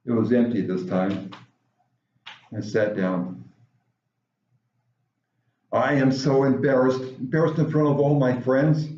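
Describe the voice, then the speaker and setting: A man telling a personal story in an animated way, with dramatic pauses. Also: medium pitch. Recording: roomy, dull lo-fi recording.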